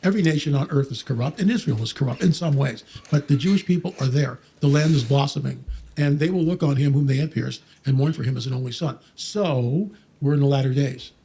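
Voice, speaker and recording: A man talking quickly and emphatically about Bible prophecy on a podcast, quoting scripture and mocking skeptics. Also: medium pitch, creaky, mellow, slightly rough. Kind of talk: fast, preachy podcast talk.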